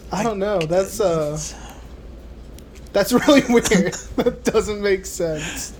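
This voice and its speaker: A man's voice: high voice, slow, pauses often, a little mellow, slight background noise. A man co-hosting a podcast, casually recapping a movie with lots of swearing and laughs, acting out the characters' lines. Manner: profane, laughing, acts out film dialogue in put-on voices. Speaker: podcast co-host.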